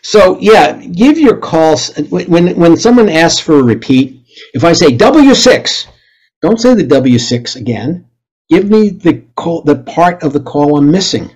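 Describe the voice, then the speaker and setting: A middle-aged man talks to a club audience in a fairly high voice. He is blunt and full of jokes. Now and then he bursts out loud as he acts out calls on the air. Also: lively intonation, measured pace, slightly rough, poor audio. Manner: blunt, joking, acts out radio calls with sudden loud outbursts. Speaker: club presenter. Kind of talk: lively presentation talk.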